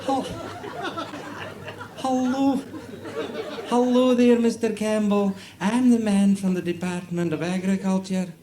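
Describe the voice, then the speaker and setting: A man's voice: high-pitched, fairly even intonation, slow pace, pauses often, a crowd in the background, pitched above the performer's own voice. A man voicing a fussy, flustered male farm-department official who stammers. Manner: stammering and hesitant. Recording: noisy tape copy with audience laughter.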